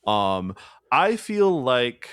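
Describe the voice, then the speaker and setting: A man's voice: medium pitch, very animated, very slow, fairly bright tone, clear, resonant tone, no echo, clean studio sound. A man co-hosting a podcast, recapping a film in casual, jokey chat full of fillers. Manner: rambling, jokey, many fillers. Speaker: podcast co-host.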